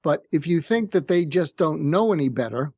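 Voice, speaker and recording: Calm explanatory man, slightly higher voice. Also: breathy edge, dry recording, highs cut off. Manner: calm, explanatory, acts out sample phrases slowly. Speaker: psychiatrist guest. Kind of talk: conversational podcast interview. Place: room with street noise outside.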